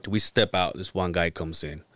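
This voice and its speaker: A man's voice: low-pitched, moderate pace, dry recording. A man on a podcast telling a story in casual chat, swearing freely and acting out what people said. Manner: animated, profane, acts out quotes. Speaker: podcast host.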